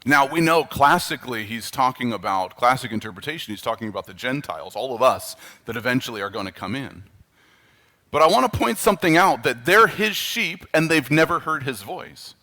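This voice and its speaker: A man with a Canadian accent delivers a sermon in a mid-pitched, bright and forward voice. He presses hard on his key points, then pulls back into quiet, sincere asides. His delivery is animated and heartfelt throughout. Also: a little fast. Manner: emphatic, animated preaching that drops to quiet, earnest asides. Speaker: pastor.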